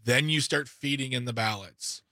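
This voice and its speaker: A male talk radio host with a bright, forward voice, heard in a dry, close studio with no room sound at all. He chats loosely, jumps into sarcastic asides and trips over his words as he restarts sentences. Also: medium pitch, moderate pace, no room sound. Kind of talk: casual political radio chat. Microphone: studio microphone.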